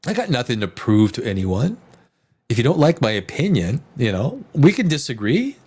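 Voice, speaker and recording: Animated, profane male live-stream host. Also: medium pitch, moderate pace, breathy edge. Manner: profane, rambling, animated, with many restarts. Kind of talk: casual live-stream chat.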